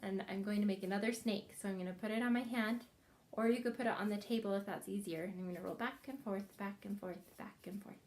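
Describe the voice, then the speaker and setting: A woman teaching a preschool craft lesson, speaking slowly, gently and encouragingly to young children as they follow along. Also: mid-range voice, fairly even intonation, a little hiss or hum.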